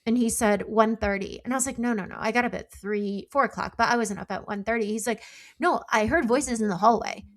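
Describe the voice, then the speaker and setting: A middle-aged woman appears as a psychic guest on an interview show, explaining things earnestly and conversationally with lots of fillers like "like." Her voice is on the high side and fairly quick.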